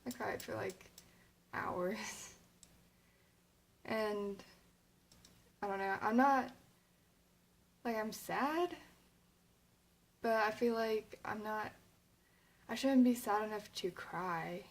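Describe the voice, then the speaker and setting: A young woman vlogging to her camera in a loose, rambling way, full of fillers and restarts. Her voice sits at an ordinary pitch, and she sounds slightly emotional. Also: takes it slowly, creaky, pauses often, low-quality recording. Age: young adult. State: emotional, near tears. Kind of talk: casual chat to camera.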